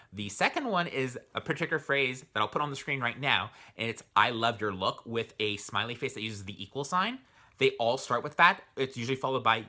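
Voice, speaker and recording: A man's voice: mid-range voice, sharp tone. A young man giving a sarcastic, profane video essay as a vlogger. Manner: sarcastic, swears freely.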